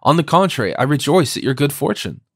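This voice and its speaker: Man voicing a timid teary young woman, soft and hesitant, higher voice. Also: very animated, quick pace, no echo, clean studio sound. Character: shy, tender young woman close to tears.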